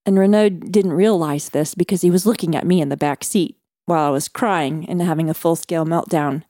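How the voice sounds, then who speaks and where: A woman guest on a faith podcast, earnestly telling a personal story with measured pauses. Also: low-pitched, dark tone, no room sound, studio quality. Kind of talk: storytelling interview.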